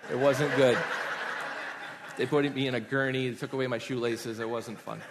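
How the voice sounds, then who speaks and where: Man, pastor, conversational sermon, personal storytelling, mid-pitched voice. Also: level tone, moderate pace, noisy background. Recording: long hall reverb.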